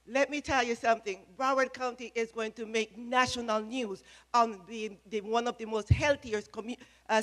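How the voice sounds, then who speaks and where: At a press event, a woman speaks passionately from a podium microphone to an audience in an event room. Her voice is on the high side and a bit bright, and she is emphatic, repeating phrases.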